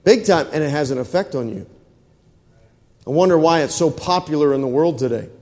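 A man with a high voice delivers a sermon in a church. His talk is folksy, and he keeps asking his listeners whether they follow. The sound trails off in a long church reverb. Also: a little fast, darkish tone. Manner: folksy, asks the congregation questions. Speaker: pastor. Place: church hall.

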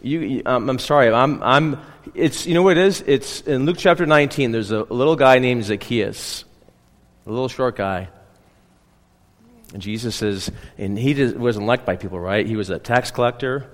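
A man's voice: medium pitch, moderate pace, in a large hall. A man preaching a conversational sermon as a pastor, often checking in with the congregation. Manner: chatty, keeps checking in with the congregation. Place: church.

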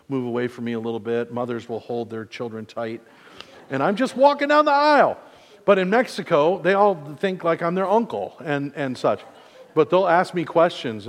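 This forties-aged pastor from mid-Michigan sounds a little high, and a long reverb tail trails his words. He keeps the sermon conversational, with self-deprecating jokes and quotes he performs in character.

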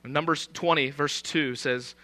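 A man's voice: a little high, fairly even intonation, normal speed, bright, forceful tone. A man preaching a sermon in an emphatic, conversational way, often posing rhetorical questions.

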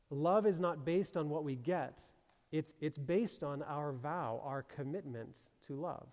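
A man's voice: fairly high pitch, a little mellow, long reverb tail. A man preaching a sermon in a loose, conversational way, thinking aloud and reading scripture aloud.

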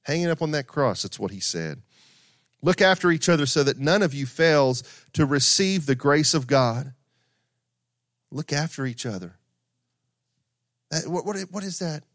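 A man's voice: fairly high pitch, expressive, a little slow, long pauses, fairly bright tone, no room sound, clean studio sound. A middle-aged man preaching a sermon in a conversational way, with asides, repetition and everyday stories. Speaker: pastor.

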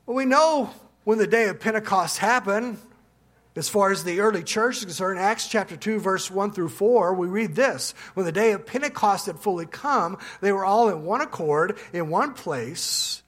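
A man preaching as pastor, in a relaxed storytelling manner with restarts and asides. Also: high voice, normal speed. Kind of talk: sermon with a told joke. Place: church.

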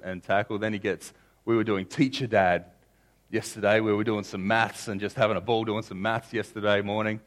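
A man preaching a sermon in a conversational way, stumbling over restarts and repeating key lines. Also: on the low side. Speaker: pastor.

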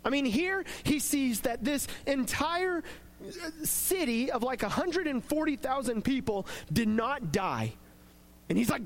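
A man gives a casual devotional talk with a very high voice for a man. He retells scripture in an animated, conversational way and reads some verses aloud. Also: a little slow. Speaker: preacher.

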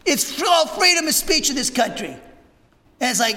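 A high-pitched, fiery male preacher delivers an animated sermon, his voice leaping up and down as he moves from shouted passages to near-whispered asides. His tone is bright and sharp, and the long reverb of a church sanctuary trails every phrase. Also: normal speed, gravelly. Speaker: pastor.

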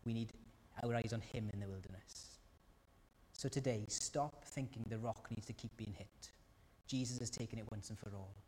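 A man's voice: on the low side, normal speed, darkish tone, a little hiss or hum. A man preaching a sermon with earnest rhetorical questions to the congregation. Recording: long hall reverb.

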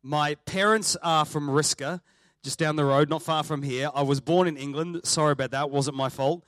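A man's voice: a little high, fairly even intonation, normal speed, fairly bright tone, dry recording. A man with an Australian accent, a guest preacher opening a sermon in a church with teasing jokes and a chatty, filler-laden delivery. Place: church hall with a congregation.

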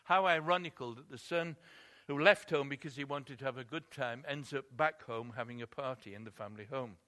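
A man's voice: mid-range voice, a little fast, sharp tone. A man preaching a sermon, telling a story expressively and building emphasis on key points.

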